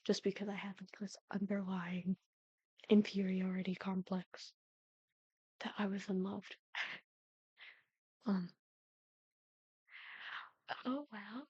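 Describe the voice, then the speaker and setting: A woman's voice: medium pitch, fairly even intonation, takes it slowly, pauses often, warm tone, breathy edge, no room sound, muffled recording. A young woman in her twenties telling family stories in a casual chat, often dropping into a whisper. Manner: chatty, often drops to a whisper. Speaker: Sims builder and storyteller. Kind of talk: casual storytelling over gameplay.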